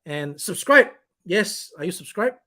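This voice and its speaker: A man's voice: high voice, expressive, unhurried, pushed and bright. A man hosting his own live stream, reading out viewer comments in an irritated, blunt, rambling way and swearing now and then.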